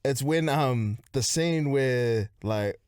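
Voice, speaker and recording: A man's voice: mid-range voice, takes it slowly, darkish tone, clear, resonant tone, dry recording, clean studio sound. A man, a podcast guest chatting casually, laid-back and calling people "bro". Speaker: podcast guest, content creator. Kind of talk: casual chat.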